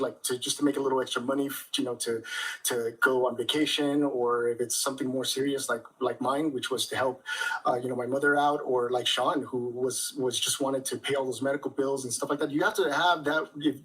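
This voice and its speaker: A man's voice: mid-range voice, fairly bright tone, husky, distant mic, poor audio. A man talking as a guest on a livestream interview, laughing often and repeating words as he goes. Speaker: guest creator.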